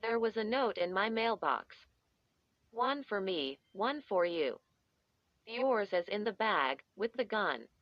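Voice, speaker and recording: A woman voicing a numb, frightened young woman who talks flatly, like a robot. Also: medium pitch, takes it slowly, no echo, muffled recording. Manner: flat, robotic.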